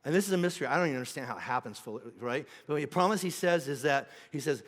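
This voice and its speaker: Middle-aged pastor preaching in a hall. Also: male voice, a little high, expressive, very fast, few pauses. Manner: conversational, acts out quoted voices. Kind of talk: sermon. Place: church auditorium.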